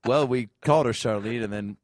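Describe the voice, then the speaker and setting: A man's voice: mid-range voice, fairly quick, dry recording, studio quality. Jokey man in podcast banter. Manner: animated storyteller, jokey. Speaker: podcast co-host. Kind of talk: casual comedy banter.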